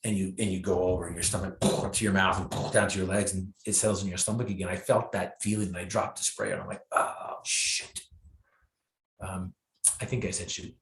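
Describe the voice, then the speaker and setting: A man with a fairly low voice recounts a personal story as an interview guest, animated and self-deprecating, jumping up in pitch and volume when he acts out what people said. The room is echoey and roomy around him. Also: quick pace. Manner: animated storyteller, acts out his own and others' lines with bursts of pitch and volume; self-deprecating humor, laughs at himself. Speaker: guest speaker.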